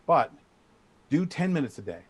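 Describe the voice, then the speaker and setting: A middle-aged man telling a story as a guest in a casual chat, animated and full of restarts. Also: fairly high pitch, moderate pace, slightly rough. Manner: animated, trash-talking storyteller with many restarts. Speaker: guest speaker.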